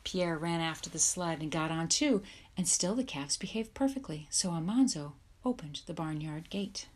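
A woman narrates a children's chapter book, her voice sitting on the low side. She reads in a steady, even storytelling rhythm that warms into livelier delivery when the dialogue starts. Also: normal speed, a little hiss or hum. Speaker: audiobook reader. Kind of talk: scripted narration.

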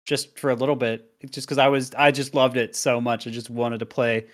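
A man's voice: mid-range voice, fairly even intonation, brisk. A young man speaking in an interview, candid and self-deprecating as he reflects on his past. He talks at an easy length, owning his limits plainly. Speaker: guest, competitive player and streamer.

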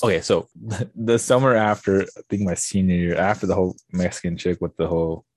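Fast-talking young man telling a wild story. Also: deep voice, dry recording. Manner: animated, swearing, acts out quoted dialogue. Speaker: podcast guest. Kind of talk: casual storytelling.

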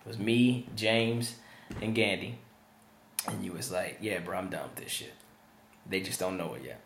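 A man in casual podcast chat with an easygoing manner, sometimes dropping to a low murmur as he recalls things. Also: steady tone, normal speed, creaky, a bit bright, a little hiss or hum. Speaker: podcast co-host. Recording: roomy, echoey sound.

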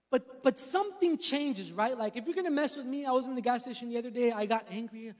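Pastor, male, 30s, unusually high voice, testimony-style sermon that builds to emphatic preaching, long hall reverb. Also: fast talker, hardly any pauses. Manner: storytelling, rising to emphatic preaching.

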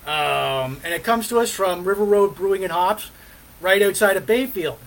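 A man with a rather high voice hosts a casual live stream. He rambles from topic to topic, filling the gaps with ums, pauses and "all right, so". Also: vocal fry, a bit bright, rough recording. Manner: rambling, many fillers and pauses. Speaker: podcast host.

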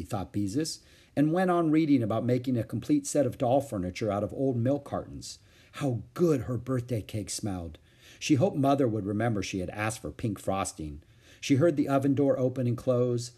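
A man reads a children's book aloud with expressive storytelling. His voice is slightly husky and his pitch moves a great deal, lively with each turn of the story. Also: normal speed. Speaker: storybook reader.

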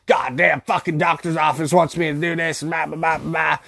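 A man voicing a loud, crackly, foul-mouthed old grandmother who swears constantly and sometimes puts on a sweet phone voice. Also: on the high side, steady tone, moderate pace, vocal fry, no room sound, studio quality, voice pushed up, full character voice. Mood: cussing. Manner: cussing, shifts to sugary phone voice.

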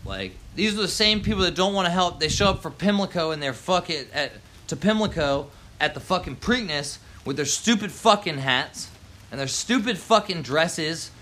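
A man's voice: a little high, bright, forceful tone. Angry swearing man ranting. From Baltimore, USA. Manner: heated, swearing, slangy. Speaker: local resident ranting. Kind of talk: angry profane rant.

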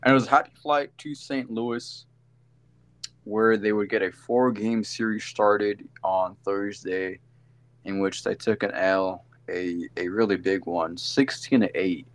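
A man's voice: lowish voice, steady tone, unhurried. A man co-hosting a casual sports podcast, rambling through game recaps with lots of fillers and self-corrections. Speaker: podcast co-host.

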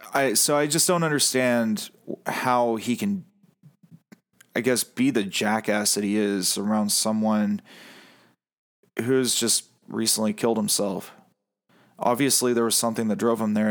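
A man co-hosting a casual talk show, ranting angrily with lots of swearing. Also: on the low side. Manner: angry, swearing, rising to shouty outbursts. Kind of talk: casual profane rant.

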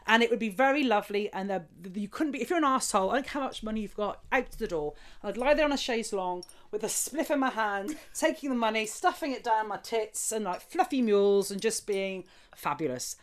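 A woman's voice: mid-range voice, lively intonation, brisk. A woman guest telling bawdy stories in a casual interview, laughing often.

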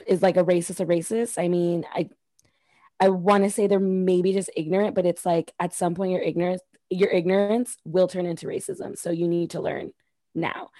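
A woman of Mexican heritage co-hosts a podcast. She talks candidly, swears freely and tells stories with energy. Her voice is mellow and the sound is dry. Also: medium pitch, no room sound. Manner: candid, profane, animated storytelling. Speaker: podcast co-host. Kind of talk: casual chat.

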